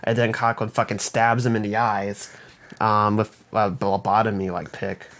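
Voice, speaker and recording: A man's voice: lowish voice, level tone, normal speed, a bit bright. Profane young man recapping a film plot. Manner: profane, rambling plot retelling with mock voices for characters. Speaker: podcast co-host.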